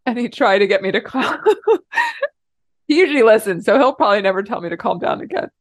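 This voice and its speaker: A middle-aged woman, a podcast co-host, telling a personal story in an emotional, animated way. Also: mid-range voice, a little fast, no echo. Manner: emotional, animated retelling with laughs.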